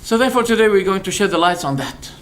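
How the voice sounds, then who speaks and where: A man giving a religious lecture as a preacher, animated and rhetorical, firing off questions and acting out exchanges. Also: high voice, fast. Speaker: Islamic preacher.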